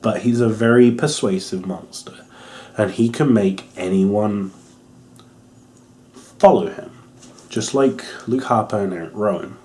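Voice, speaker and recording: A man giving a casual, rambling wrestling review, full of fillers and restarts, getting louder and excited when he jokes. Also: on the low side, a little slow, pauses often. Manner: gets excited and loud when joking.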